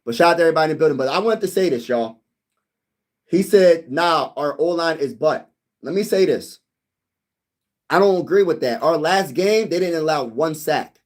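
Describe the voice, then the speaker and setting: An excitable young man talks sports on his own livestream, answering viewer comments in a loose, chatty way. His voice sits a touch high for a man. He calls out to his audience often and drifts off into tangents. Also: fairly quick, pauses often. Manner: excitable, talks to viewers as "y'all", sings snippets. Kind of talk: casual live chat reading comments.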